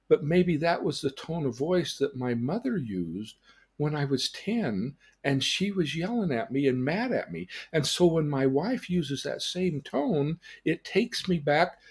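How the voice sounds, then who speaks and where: An older man, a change coach, teaching through lively personal stories and acting out the people in them. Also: fairly high pitch, a little slow, husky. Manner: animated storyteller who acts out quoted dialogue. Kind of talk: storytelling lesson on a podcast.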